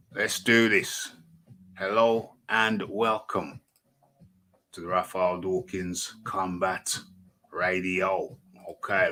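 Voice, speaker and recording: A man's voice: sits low, sharp tone, rough recording. A man with a northern English accent hosting a boxing livestream, chatting casually to himself and repeating phrases as he adjusts his setup. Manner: repeats phrases, talks to himself while fiddling with settings. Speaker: host of a boxing talk livestream.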